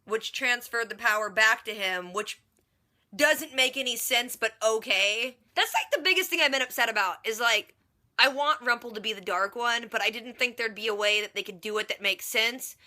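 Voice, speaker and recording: A woman's voice: fairly high pitch, moderate pace, pushed and bright. A woman vlogger recapping a TV episode in a casual, sarcastic, chatty way, full of "like". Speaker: TV reaction vlogger.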